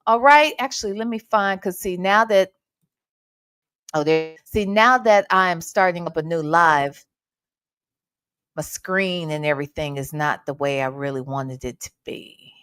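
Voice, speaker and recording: A woman's voice: lowish voice, measured pace, fairly bright tone, clean tone. A woman hosting a casual livestream, sassy and playful, greeting her viewers by name. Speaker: livestream host.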